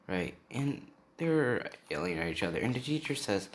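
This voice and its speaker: A man's voice: mid-range voice, very animated, moderate pace, hardly any pauses. A young man improvising a fan story, rambling with lots of fillers.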